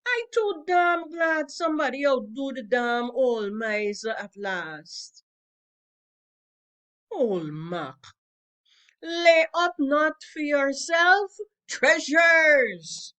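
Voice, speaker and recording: A woman voicing a sharp-tongued, scolding middle-aged mother as she reads a play aloud, loud and mocking. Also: sits high, animated, takes it slowly, pitched above the performer's own voice. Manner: loud, mocking, dialect-heavy.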